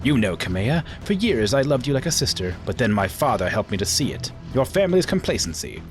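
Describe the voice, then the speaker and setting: A man's voice: medium pitch, big pitch swings, a little fast, soft background music, pitched above the performer's own voice, lightly acted. A man voicing a cold, haughty noblewoman. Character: proud young noblewoman turned traitor, cold.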